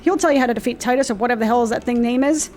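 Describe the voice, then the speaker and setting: A woman voicing a young man in a video game who begs forgiveness for lying, slipping into a rough accent. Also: on the high side, darkish tone, faint music behind, close to an everyday voice. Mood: wheedling. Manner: pleading, rushed excuses, slips into a rough accent.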